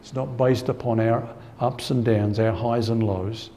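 A man delivers a sermon with a warm, mellow voice at an ordinary pitch. He preaches conversationally, repeats his main points for emphasis and drops in "you know" as he goes. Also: steady tone, unhurried, slight background noise.

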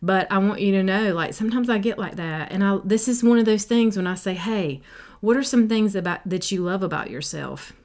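A woman's voice: medium pitch, brisk, darkish tone. A woman, hosting a casual solo podcast in a chatty, silly and sassy way. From South Carolina, USA. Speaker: podcast host and life coach. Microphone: podcast microphone.

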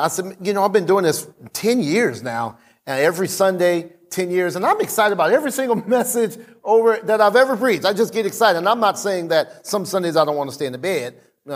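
A male pastor delivering an energetic sermon, slowing down to repeat scripture lines for emphasis. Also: sits high. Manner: energetic, repetitive preaching with slowed emphatic quotes.

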